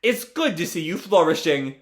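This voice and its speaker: A man voicing an excitable male genius scientist while reading a comic aloud. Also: moderate pace, natural voice. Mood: gentle. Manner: shouting for help in a high panicked voice.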